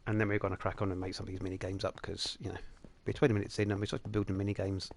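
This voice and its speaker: A man's voice: low voice, flat delivery, very fast, vocal fry, slight background noise. A young man hosting a game livestream, talking through it in a chatty, jokey, rambling way. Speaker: livestream host. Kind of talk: casual game commentary.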